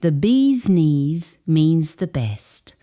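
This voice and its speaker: Slow, mellow-voiced woman teaching slang. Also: low-pitched, very animated. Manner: slow, deliberate, explanatory. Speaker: English teacher. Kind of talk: scripted lesson narration.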